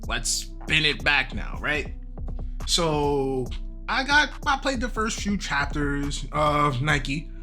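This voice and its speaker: A man hosting a casual manga and game recap, talking in an animated, slangy way and laughing often. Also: fairly high pitch, takes it slowly, soft background music. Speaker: YouTube host.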